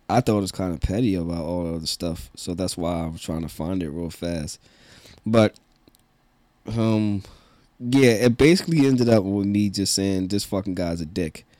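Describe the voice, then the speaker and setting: A man co-hosting a podcast, telling a story in a profane, animated rant and laughing often. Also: lowish voice, no room sound. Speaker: podcast co-host. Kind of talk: casual ranting chat.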